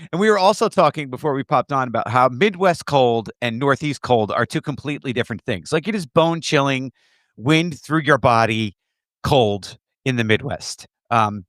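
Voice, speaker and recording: Lively chatty male podcast host. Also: mid-range voice, no echo, clean studio sound. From United States. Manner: animated, playful, many fillers. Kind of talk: casual podcast chat.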